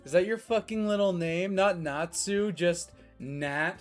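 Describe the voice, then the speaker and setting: A woman streaming a game, excitable and profane, laughing often and repeating herself as she reacts. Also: fairly low pitch, unhurried, faint music behind. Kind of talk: live let's-play commentary.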